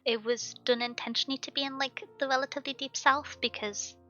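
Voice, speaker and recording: Stream host, woman, bright tone, chatty and hesitant, full of fillers, lo-fi audio with soft music behind. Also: sits high, fairly even intonation, quick pace. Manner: rambling, hesitant, many fillers and restarts. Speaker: book club streamer. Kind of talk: casual chat.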